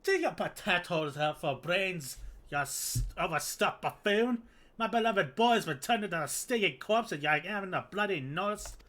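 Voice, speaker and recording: A man's voice: high-pitched, expressive, normal speed, fairly bright tone. A man reading as a bossy theatrical mother. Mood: scolding.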